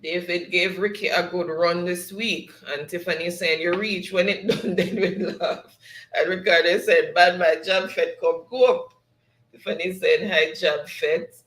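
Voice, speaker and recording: A man's voice: high-pitched, fairly even intonation, a little slow, a bit bright. A man hosting a livestream, reading chat comments aloud in a chatty way, laughing often and slipping into patois. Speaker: livestream host. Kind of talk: reading live chat aloud, casual sign-off. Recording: roomy echo.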